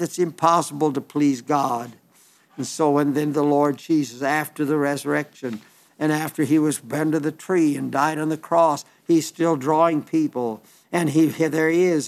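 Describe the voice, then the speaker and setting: A man preaching a sermon, fervent and repetitive, with frequent restarts. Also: fairly high pitch.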